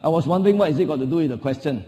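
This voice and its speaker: High-voiced Singaporean man, keynote speaker. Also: very fast, mellow. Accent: Singaporean English. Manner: emphatic, repeats key phrases, asks the audience rhetorical questions. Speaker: motivational speaker. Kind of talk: motivational keynote speech. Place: large conference hall. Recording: long hall reverb.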